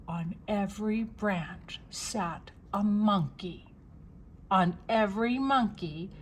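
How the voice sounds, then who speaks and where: An older woman reads a children's picture book aloud at an unhurried pace. She is expressive and stops now and then to ask the young listener questions. A faint background noise sits under her voice. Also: mid-range voice. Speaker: storyteller.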